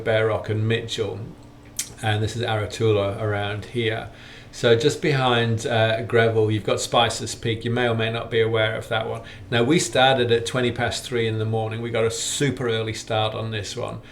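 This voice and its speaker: A man's voice: medium pitch, slight background noise. A middle-aged man hosting a casual hiking vlog roundup, friendly and rambling with lots of fillers. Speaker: hiking challenge organiser and vlogger.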